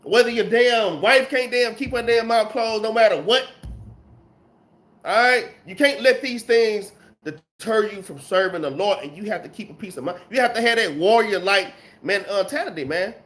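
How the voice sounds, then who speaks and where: A man's voice: high-pitched, normal speed, a bit bright. A man teaching a casual scripture lesson, emphatic and peppered with slang, still getting over a cold. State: recovering from a cold, coughing. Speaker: Bible class teacher.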